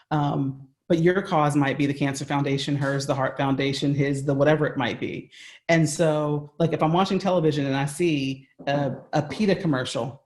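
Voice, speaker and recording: A man with an American accent speaks as a guest over a video call from his home. His voice sits a little high, and his talk is earnest and conversational, often checking in with the listener. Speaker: guest speaker on workplace bias. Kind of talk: remote interview.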